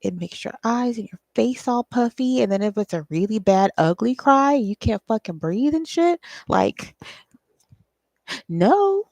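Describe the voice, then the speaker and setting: A woman's voice: fairly high pitch, expressive, normal speed, creaky, few pauses, darkish tone, dry recording. A woman giving a casual solo tarot reading, thinking aloud in a loose, profane way with frequent ums. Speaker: tarot reader and psychic channeler.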